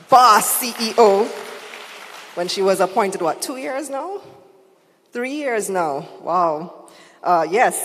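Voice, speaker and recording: A master of ceremonies introduces speakers at a conference in a chatty, joking way. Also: medium pitch. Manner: chatty, joking, laughs at own jokes. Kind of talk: lively emcee patter with jokes and introductions. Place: large conference hall. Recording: reverberant hall through the PA.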